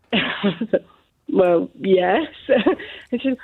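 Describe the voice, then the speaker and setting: A woman's voice: mid-range voice, animated, very slow, pauses often, breathy edge, dry recording. Woman caller, nervous, chatty, giggly, tinny phone line, dry. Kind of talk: phone-in call.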